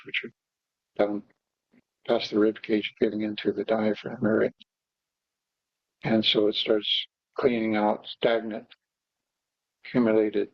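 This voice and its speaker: A man teaching meditation, guiding breathing exercises slowly and haltingly, with pauses and fillers. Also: lowish voice, dry recording. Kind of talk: guided breathing instruction. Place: meditation hall. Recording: dull, dry lo-fi recording.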